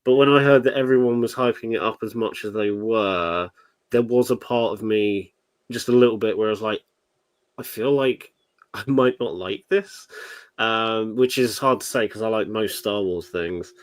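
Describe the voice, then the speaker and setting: A man's voice: on the low side, moderate pace, clear, resonant tone, no echo. A British man, a guest in a casual show discussion, talking hesitantly with many ums. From Britain. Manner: hesitant, full of ums and likes.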